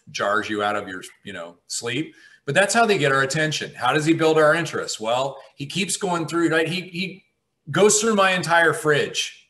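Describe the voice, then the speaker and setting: Instructor, male, bright and forceful tone, chatty lecture delivery. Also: mid-range voice. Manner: conversational, frequent "right?" checks. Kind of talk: casual classroom lecture.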